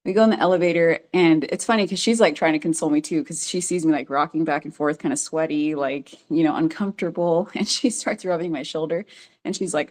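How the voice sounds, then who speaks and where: A woman's voice: deep voice, fairly quick, darkish tone. A woman telling her own story as a podcast guest, chatty and full of fillers, often laughing as she goes. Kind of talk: casual storytelling.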